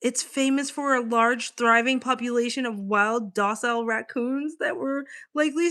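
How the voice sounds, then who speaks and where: A woman hosting a casual livestream, chatting to her viewers in an excitable way and swearing freely. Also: a little high, normal speed, few pauses. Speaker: livestream host.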